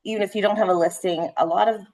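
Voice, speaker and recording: A woman real estate trainer leading a live sales training session, talking fast and animated, checking in with "right?" as she goes. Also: mid-range voice. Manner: conversational, frequent "right?" checks.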